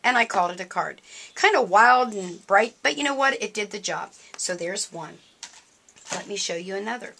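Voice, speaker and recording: A woman's voice: mid-range voice, lively intonation, normal speed, creaky, pushed and bright, slight background noise. A middle-aged woman hosting a casual craft demonstration for a store, chatty and enthusiastic as she shows her projects.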